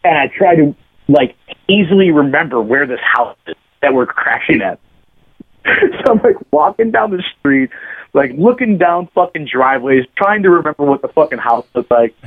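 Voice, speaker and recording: A man's voice: a little high, lively intonation, normal speed, slightly rough. A man, a podcast guest, telling a rambling, profane anecdote in casual chat and laughing as he goes. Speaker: podcast guest, bass player. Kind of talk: casual storytelling. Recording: phone-like lo-fi sound.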